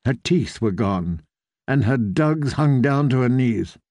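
A man reading a fantasy novel aloud in measured storytelling narration. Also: mid-range voice, lively intonation, a little mellow, no echo, clean studio sound. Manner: measured storytelling, voicing characters. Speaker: audiobook narrator.

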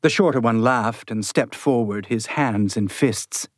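This is a male audiobook narrator with a mid-range pitch and an even, deliberate storytelling manner, reading from a script. It's recorded up close and sounds completely dry, with no room ambience.

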